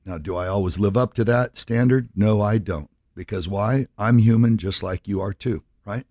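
A man's voice: fairly low pitch, moderate pace, mellow, no room sound, clean studio sound. A man in his fifties from California, an advisor introducing himself in an earnest, filler-heavy monologue that keeps checking in with listeners. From California, USA.

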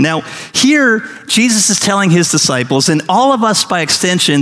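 A man's voice: fairly high pitch, expressive, moderate pace, fairly bright tone, big-room sound. A middle-aged man, a pastor, preaching a sermon with earnest questions to his congregation and small acted-out scenes.

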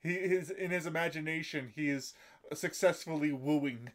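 A man's voice: fairly high pitch, moderate pace. A man co-hosting a casual chat, chiming in enthusiastically and laughing along. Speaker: podcast co-host. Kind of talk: casual chat recapping an anime.

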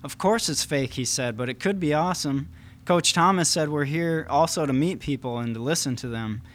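A man's voice: fairly high pitch, moderate pace, pitched above the performer's own voice, natural voice. A man reading as an eager teenage brother. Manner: enthusiastic, persuasive.

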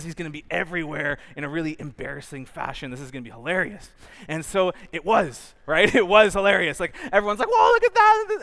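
A man's voice: high-pitched, long reverb tail. A young man giving a sermon, telling a school prank story with acted-out quotes before he turns it into a lesson. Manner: storytelling, animated, acts out quotes. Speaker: preacher. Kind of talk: sermon with personal anecdote.

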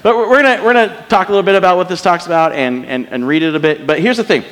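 A man's voice: high voice, rapid-fire, fairly bright tone. A man pastor giving a casual sermon, conversational and joking, with many rhetorical questions. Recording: long hall reverb.

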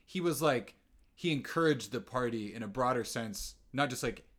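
A man co-hosting a casual chat show, recapping a TV episode in a relaxed, rambling way full of fillers. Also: mid-range voice, normal speed. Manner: relaxed, filler-heavy storytelling with lots of "like". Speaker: podcast co-host.

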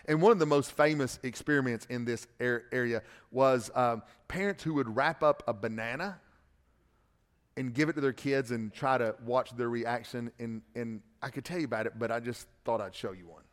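A man, a pastor, preaching a sermon. He swings between loud emphatic passages and quiet conversational asides, and repeats words when he restarts a phrase. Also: medium pitch, normal speed, in a large hall.

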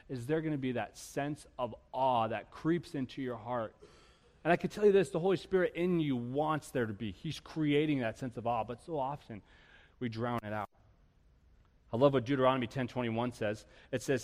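A man preaching a sermon as pastor, animated and storytelling, with humor and rhetorical questions. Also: on the high side, moderate pace. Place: church sanctuary. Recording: long reverb of a church hall.

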